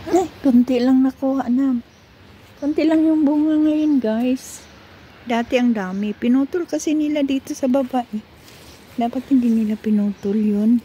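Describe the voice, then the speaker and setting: A woman's voice: high-pitched, moderate pace, warm tone, dull audio, slight background noise. A woman with a Filipino accent chatting casually through a garden vlog outdoors, cooing to a cat in baby talk. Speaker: vlogger.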